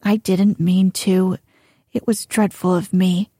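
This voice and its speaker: Woman reading an earnest young heroine from a storybook, slow and husky, mellow tone. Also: mid-range voice, fairly even intonation, no echo, studio quality. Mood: flustered. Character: spirited young woman, grateful and emotional.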